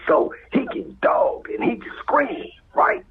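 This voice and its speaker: A man with a Los Angeles accent telling a street story as a guest, acting out voices and sound effects and dropping to whispers, with a very husky voice. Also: very high voice, very animated, measured pace. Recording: tinny phone-like line.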